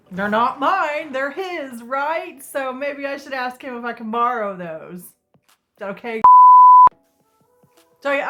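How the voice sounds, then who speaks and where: A woman recounts a household feud to her camera from a couch in a living room. Her voice is bright and forward, her delivery casual and exasperated, with sarcastic asides. Faint music plays underneath. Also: fairly low pitch. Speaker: vlogger. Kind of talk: storytime vlog.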